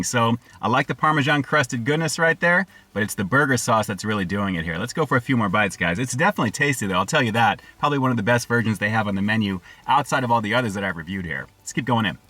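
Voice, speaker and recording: Male food vlogger, quick and bright, dry close mic, slangy hype delivery. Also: medium pitch, dry recording. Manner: upbeat, slangy, addresses viewers as guys. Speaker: food reviewer. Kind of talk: casual food review vlog.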